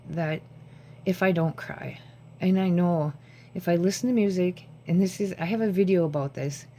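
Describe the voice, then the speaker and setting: Low, mellow woman rambling to camera. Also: normal speed, slight background noise. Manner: rambling, jumps between thoughts. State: short on sleep. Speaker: vlogger. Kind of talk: casual talk to camera. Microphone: phone camera.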